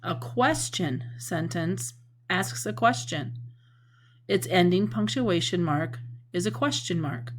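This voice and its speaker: A woman's voice: lowish voice, measured pace, a little hiss or hum. A woman teacher giving a recorded lesson, explaining patiently and acting out example sentences with feeling.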